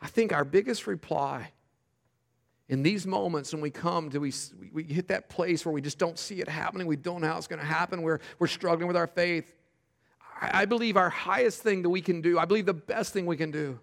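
A middle-aged male pastor preaching with a high, lively voice. He tells stories animatedly, tripping over his words as he starts sentences, then drops into quiet, fervent prayer. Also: a little fast, vocal fry, big-room sound. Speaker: pastor planting a church. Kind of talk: sermon with storytelling.

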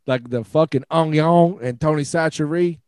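A man's voice: on the high side, normal speed, darkish tone, smooth. A man co-hosting a live podcast, laid-back and casual, insisting on finishing his point amid crosstalk. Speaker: podcast co-host.

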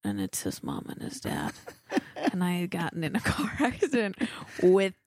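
Gravelly low-voiced woman telling stories. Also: huge pitch swings, normal speed, a little mellow, no echo. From California. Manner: chatty, wry storyteller. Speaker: podcast co-host. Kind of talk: casual chat.

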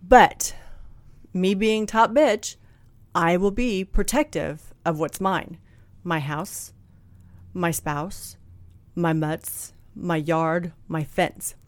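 A woman telling a personal story in a candid, blunt, animated way, acting out what people said. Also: on the low side, drawn-out words, no echo. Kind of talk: casual storytelling chat.

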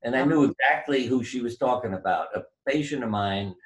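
A man's voice: medium pitch, brisk, rough recording. An older man, a doctor and author, telling stories in an interview and acting out the voices he quotes. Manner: animated storyteller, acts out quoted voices. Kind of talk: storytelling interview.

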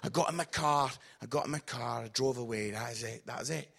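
A man with a Scottish accent, preaching to a congregation in a comic, animated storytelling style with acted-out quotes. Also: mid-range voice, fast, vocal fry. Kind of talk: humorous storytelling sermon.

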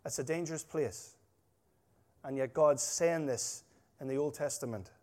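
A man preaching a sermon, emphatic and full of stories, his volume swinging between loud stresses and quiet asides. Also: fairly high pitch, a little slow. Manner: emphatic, storytelling, rising and dropping volume. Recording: long hall reverb.

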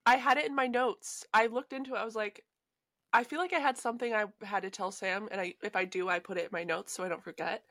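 Relaxed woman telling a story. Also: medium pitch, fast talker, no echo. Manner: relaxed, laughs often, tells anecdotes. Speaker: podcast co-host. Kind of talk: casual chat and storytelling.

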